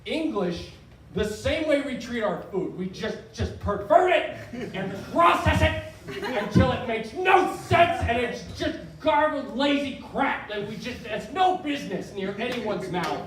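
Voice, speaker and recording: Self-deprecating male stand-up in his thirties, lively pitch, echoey venue from far off. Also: unhurried. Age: 30s. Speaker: stand-up comedian. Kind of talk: live stand-up set. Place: live comedy venue. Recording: echoey room from far off, crowd noise.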